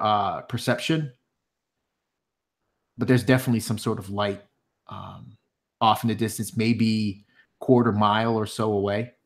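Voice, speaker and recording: A man narrating a tabletop game as game master, speaking haltingly with frequent pauses and fillers. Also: mid-range voice, fairly bright tone.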